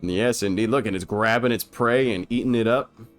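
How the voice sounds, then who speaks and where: A man's voice: on the low side, fairly quick, soft background music. Rambling, profane movie-riffing man. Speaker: movie commentator. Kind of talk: casual movie riff commentary.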